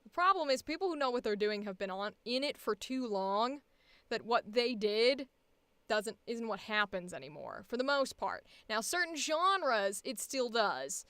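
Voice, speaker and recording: Female voice acting coach and host, smooth voice on the higher side, rambling and profane. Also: big pitch swings, normal speed, a bit bright, dry recording. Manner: rambling, swears freely, laughs often. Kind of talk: casual coaching chat.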